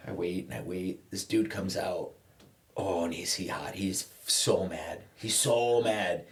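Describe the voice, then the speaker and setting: A man's voice: low-pitched, measured pace. A man telling a story in casual podcast chat, acting out the people he quotes. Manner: animated storyteller who acts out quoted people. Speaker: podcast guest.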